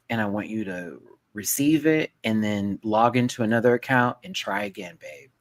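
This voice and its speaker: A man hosting a casual panel chat, sassy and animated, with quick asides. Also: lowish voice. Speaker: host.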